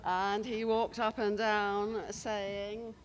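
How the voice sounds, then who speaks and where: A woman's voice: mid-range voice, level tone, extremely slow. An older British woman on a conference stage, telling chatty anecdotes with asides into a handheld mic. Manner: chatty, storytelling with laughs and asides. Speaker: conference panelist. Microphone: handheld microphone.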